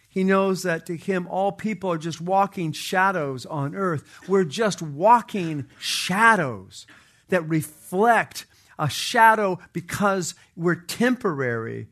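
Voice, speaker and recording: A man's voice: on the high side, a bit bright. A middle-aged man preaching a sermon, earnest and emphatic, often repeating phrases for weight.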